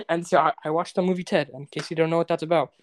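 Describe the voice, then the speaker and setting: A man's voice: on the high side, steady tone, fast talker, a little hiss or hum. A young man co-hosting a casual podcast chat, rambling and filling his talk with many likes and restarts. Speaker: podcast co-host.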